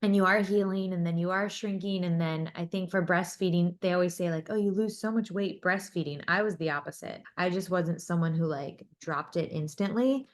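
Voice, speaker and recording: A woman's voice: fairly low pitch, moderate pace, hardly any pauses. Earnest young woman co-host. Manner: earnest, reflective. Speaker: podcast co-host. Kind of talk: casual chat.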